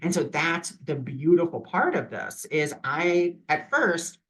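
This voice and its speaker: A man's voice: fairly high pitch, lively intonation, a little slow, fairly bright tone. A man in his own vlog, talking casually and earnestly about imagination, with loose phrasing and many fillers. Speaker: vlogger sharing spiritual advice. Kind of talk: casual reflective vlog talk.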